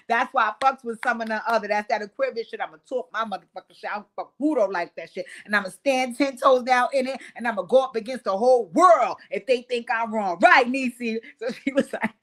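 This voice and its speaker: Woman, high-ish voice, animated, profane, casual recap chat. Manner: animated, profane, laughing asides. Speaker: show recap vlogger. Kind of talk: casual reality-show commentary.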